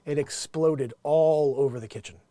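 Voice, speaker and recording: A man from New Jersey hosting a show, chatting casually and rambling with many restarts and lively swings. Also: fairly high pitch, normal speed, dry recording. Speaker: show host. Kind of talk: casual commentary.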